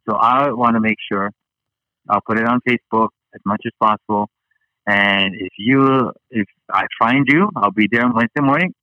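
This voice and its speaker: A man's voice: fairly low pitch, moderate pace, no room sound, dull audio. A man from Hawaii, a guest chatting casually and rambling with many fillers and restarts. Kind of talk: casual interview chat.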